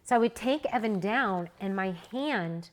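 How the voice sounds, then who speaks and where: Woman, 40s, newborn educator; animated, chatty storyteller with a mid-range voice. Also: medium pitch, measured pace. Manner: animated, chatty, personal anecdotes. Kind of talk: casual storytelling to a live audience.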